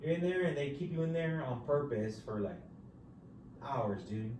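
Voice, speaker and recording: A man hosting a podcast in loose, casual chat, swearing freely and dropping "dude" into almost every phrase. His medium-pitched voice sits well back from the mic in a roomy, echoing space. A faint hiss of ambience runs under it. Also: expressive, normal speed, darkish tone, far from the mic. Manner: laid-back and profane, says "dude" after nearly every phrase. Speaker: podcast host telling prison stories.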